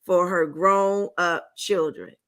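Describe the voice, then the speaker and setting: A woman's voice: on the low side, slow, a bit bright. A woman hosting a casual talk show, chatty and playful as she runs a party game for her guests. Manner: chatty and playful, with folksy phrasing.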